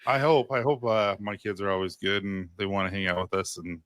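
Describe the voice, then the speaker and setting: Bright-voiced man chatting casually. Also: lowish voice, steady tone, normal speed, dry recording, clean studio sound. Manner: easygoing, chuckling storyteller. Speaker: podcast co-host. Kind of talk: casual chat.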